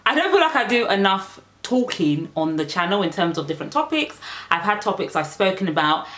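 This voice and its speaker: A woman's voice: mid-range voice, sing-song, brisk, fairly bright tone, reverberant. A young British-born woman chatting playfully to camera as a vlogger, laughing often. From United Kingdom. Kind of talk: casual chat to camera.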